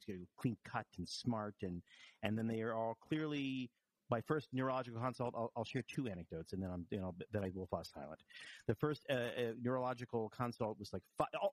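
A man recovering from vertigo, telling wry, self-deprecating anecdotes in casual chat, with frequent restarts. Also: mid-range voice. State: recovering from vertigo, a bit wobbly.

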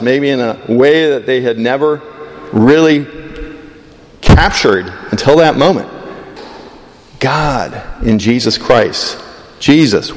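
A man in his fifties giving a conversational sermon as a priest, rising with emphasis on key phrases. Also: medium pitch. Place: church. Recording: long church reverb.

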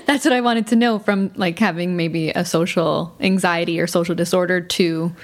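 Woman, interview host, curious questioner, slightly low voice. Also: fairly even intonation, normal speed.

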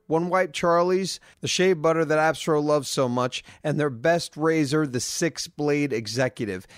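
Male podcast co-host, slightly high voice, chatty stop-start delivery, dry booth. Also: clean tone, no echo. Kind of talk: casual chat and read sponsor ad.

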